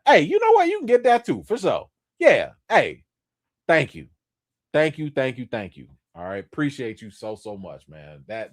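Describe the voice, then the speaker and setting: A man hosting a casual livestream, talking in laid-back slang, bursting with excitement at times, and thanking his supporters again and again. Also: on the low side. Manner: effusive, thanks donors over and over. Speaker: livestream host.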